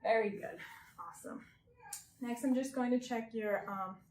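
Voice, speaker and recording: Gentle woman talking through a clinical exam. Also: a little high, moderate pace. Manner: gentle, reassuring, often checks in with "okay?". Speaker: examiner doing a health assessment. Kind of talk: step-by-step clinical exam instructions. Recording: roomy with faint background noise.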